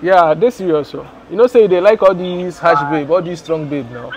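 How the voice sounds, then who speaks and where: A man's voice: fairly high pitch, moderate pace, slight background noise. A man with a Nigerian Pidgin accent acting an insistent blind date in a comedy skit. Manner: insistent, speaks Pidgin on the phone.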